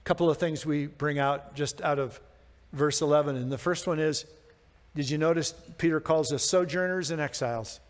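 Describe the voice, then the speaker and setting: Male pastor, high voice, conversational sermon delivery, long church-hall reverb. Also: normal speed. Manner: conversational, self-deprecating preaching with rhetorical questions.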